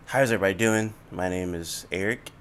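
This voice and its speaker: A man hosting a podcast from Florida, chatting loosely and joking in quick bursts over a call. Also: deep voice, a bit bright, a little hiss or hum. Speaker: podcast host. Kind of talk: casual chat. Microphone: remote call mic.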